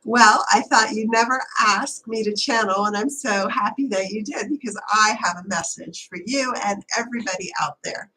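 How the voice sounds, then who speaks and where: A woman's voice: mid-range voice, moderate pace, few pauses, bright, forceful tone, breathy edge, poor audio. A woman speaking as her small, sweet female black cat, talking in a chatty, self-assured way. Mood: affectionate.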